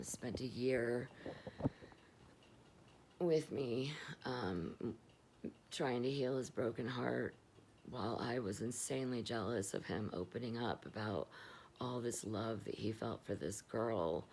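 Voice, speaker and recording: A woman's voice: extremely low pitch, slow pace, long pauses, a little mellow, slight background noise. A middle-aged woman talking candidly and rambling in a confessional vlog, swearing freely while stoned. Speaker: vlogger.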